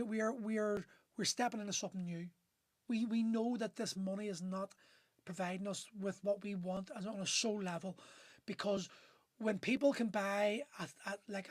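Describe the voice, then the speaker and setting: A gym owner and men's coach in his forties rants fervently on a phone livestream in an extremely high-pitched voice with no room sound. His impassioned monologue is full of swearing and restarted sentences.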